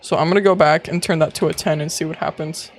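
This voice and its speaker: A man streaming live, chatting casually, excitable and quick to gasp, squeal and swear. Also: on the high side. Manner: excitable, gasping and squealing with laughter.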